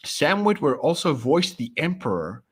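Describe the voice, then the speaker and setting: Man in a relaxed stream chat, eager and a bit profane. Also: fairly high pitch, moderate pace, breathy edge. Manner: enthusiastic, profane fan talk. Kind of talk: casual chat.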